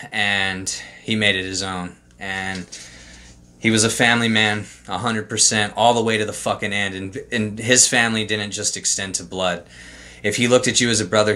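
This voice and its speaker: Young male vlogger, low-ish bright voice, rambling and profane, trip-report storytelling. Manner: loose, profane storytelling with lots of fillers. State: emotional, holding back tears. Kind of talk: casual trip report monologue.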